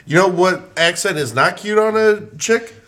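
A young man from the American Midwest, co-hosting a casual podcast. He talks loosely and crudely, often stammering and restarting his words. His pitch sits slightly above most men's. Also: expressive, normal speed, fairly bright tone. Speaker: podcast co-host. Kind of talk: casual banter.

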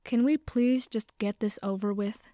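A woman's voice: mid-range voice, fairly even intonation, a little fast, darkish tone, no echo, lightly acted. A woman voicing a tired, exasperated young man with a weary, groaning delivery.

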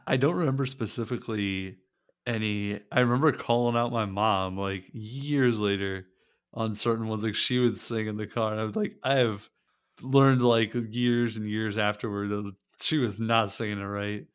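A man's voice: lowish voice, fairly even intonation, normal speed, smooth. A man co-hosting a podcast in a laid-back casual chat, laughing along often. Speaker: podcast co-host.

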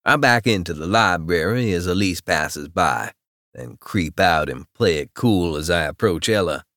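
Deep, slow male audiobook narrator. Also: lively intonation, a bit bright, no room sound, studio quality. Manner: low-key, wry inner voice. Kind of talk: first-person romance narration.

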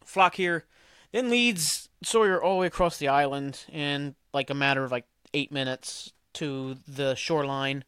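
A man's voice: on the high side, unhurried, a bit bright, clean tone, no echo, clean studio sound. A man hosting his own podcast, recapping in a loose, rambling way with lots of fillers and swearing. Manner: rambling and profane, heavy on "like" and "um". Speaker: podcast host. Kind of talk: casual solo podcast recap.

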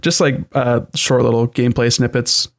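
A man's voice: mid-range voice, moderate pace, vocal fry. Easygoing man rambling about games. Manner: relaxed, rambling, frequent "like" and "I mean". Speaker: podcast co-host. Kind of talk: casual gaming podcast chat.

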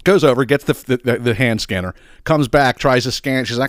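A man's voice: mid-range voice, a little fast, no room sound, clean studio sound. Exasperated man ranting a story. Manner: profane, exasperated, animated. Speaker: podcast host.

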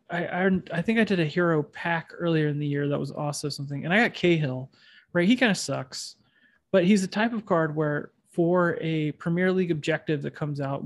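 A man hosting a casual podcast chat, with a nasal voice and a rambling, self-deprecating way of talking. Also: on the high side. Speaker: podcast host.

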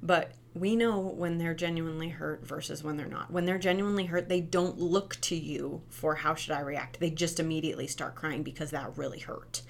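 A woman who used to teach preschool, giving casual parenting advice in a lively, conversational way and often asking "right?". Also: moderate pace, creaky, few pauses, a little hiss or hum. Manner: animated, acts out quoted kids and parents with big pitch jumps.

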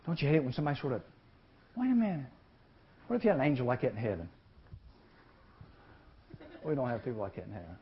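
Animated man preaching, lo-fi sound. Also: mid-range voice, racing, long pauses, slight background noise. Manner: animated, acts out voices in the story. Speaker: youth speaker. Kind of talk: storytelling sermon. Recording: lo-fi recording.

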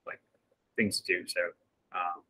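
A man's voice: measured pace, sharp tone, poor audio. A man in his twenties co-hosting a podcast over a video call, chatting in an upbeat, rambling way with lots of fillers. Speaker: podcast co-host. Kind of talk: casual chat.

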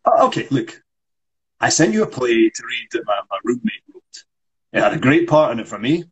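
A man's voice: medium pitch, big pitch swings, brisk, husky, poor audio. A Scottish man reading the part of a frustrated, proud struggling actor in a script read-through, pushing back defensively. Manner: pushy, defensive complaining.

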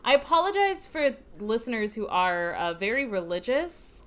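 Bright, giggly young woman chatting. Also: fairly high pitch, very animated, normal speed. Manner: giggly, chatty, self-deprecating. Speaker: podcast co-host. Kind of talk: casual chat.

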